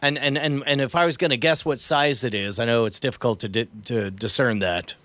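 A man's voice: medium pitch, fairly even intonation, brisk, fairly bright tone, no room sound. Wry, snide man playing a game. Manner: snide, wry player describing his moves. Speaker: player. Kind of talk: tabletop role-play banter.

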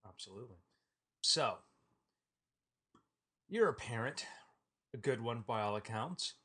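A male podcast host riffs through silly hypothetical stories and laughs at his own jokes. His voice sits in an ordinary middle pitch. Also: lively intonation, unhurried, pushed and bright, slightly rough. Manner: laughs often while telling absurd stories. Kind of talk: joking improvised banter.

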